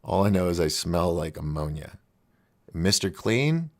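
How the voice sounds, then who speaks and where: Giggly man with a gravelly low voice. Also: sing-song, unhurried. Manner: giggly, laughs often at his own jokes; rambling, restarts and trails off. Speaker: host of a call-in show. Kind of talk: casual rambling monologue.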